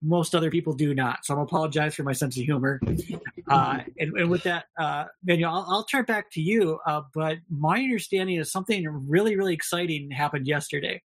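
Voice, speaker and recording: A man's voice: on the high side, fairly quick, a bit bright. A man with a Minnesota accent co-hosting a casual podcast, rambling and self-deprecating with lots of fillers. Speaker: podcast co-host.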